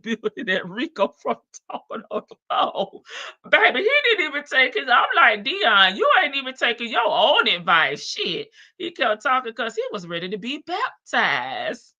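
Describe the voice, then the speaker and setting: A woman's voice: mid-range voice, pushed and bright, no room sound. A woman hosting a live stream, giving sassy casual commentary on jail calls and answering chat. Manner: sassy, talks back to chat, laughs often.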